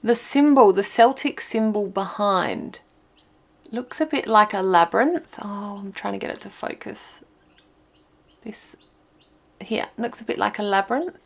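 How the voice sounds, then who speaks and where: Slow, gravelly woman reading cards. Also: medium pitch. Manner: chatty, thinks aloud while pulling cards. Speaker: intuitive card reader. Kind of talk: pick-a-card reading to viewers. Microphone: filming herself while watching a small screen.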